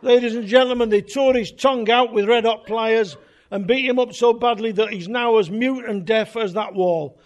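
A man voicing a brash club compere announcing an act, in a loud, high, booming patter. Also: steady tone, normal speed, lo-fi sound. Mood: showy.

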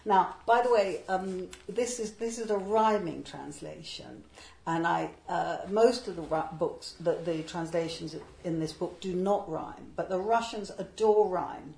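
A woman, a literary translator, explaining a poet's life in a digressive way and reading verse slowly and deliberately. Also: on the low side, vocal fry, a little mellow, roomy sound, poor audio. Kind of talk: talk on poetry with a verse reading.

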